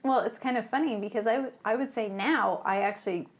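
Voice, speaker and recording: A woman co-hosting a podcast in casual chat, speaking calmly and reflectively. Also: fairly high pitch, a little fast. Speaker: podcast co-host.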